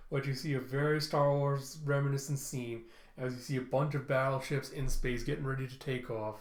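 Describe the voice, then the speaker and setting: Brief: man, mid pitch, casual comic narrator, roomy echo. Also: little pitch movement, normal speed. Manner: loose retelling, chuckles now and then. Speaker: comic reviewer. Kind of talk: casual comic book readthrough.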